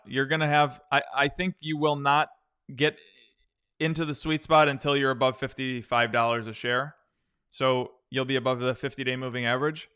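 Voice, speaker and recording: Man, live-stream host, casual and chatty, frequent restarts, bright crisp voice. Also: medium pitch. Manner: loose and chatty, restarts sentences, answers viewer questions. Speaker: stock trading livestream host.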